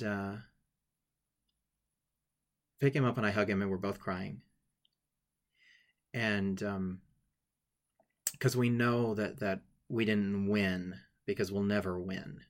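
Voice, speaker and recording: A man telling a personal story with many halting restarts, tearful at times, then guiding listeners through a writing exercise. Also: lowish voice. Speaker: writing workshop leader.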